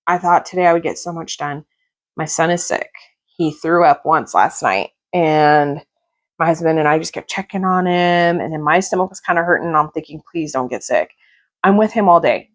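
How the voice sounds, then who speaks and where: Mom vlogger in her thirties, slightly low voice, chatty and gushing, casual rambling delivery. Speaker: book vlogger. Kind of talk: casual reading vlog.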